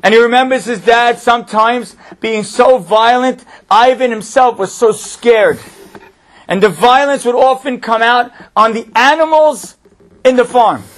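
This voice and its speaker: A man's voice: extremely high pitch, measured pace, fairly bright tone. A man who works at a school, giving an inspirational religious talk and repeating key phrases for emphasis.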